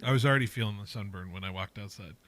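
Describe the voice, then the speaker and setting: Bright, chatty male sports radio host. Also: on the low side, very fast, no echo. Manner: chatty, rambling, self-interrupting. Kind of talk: casual sports talk. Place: radio studio.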